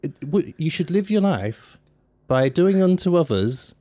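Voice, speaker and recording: Man doing a northern English doorstep preacher, preachy, halting, slow, lively pitch. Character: pushy male doorstep preacher.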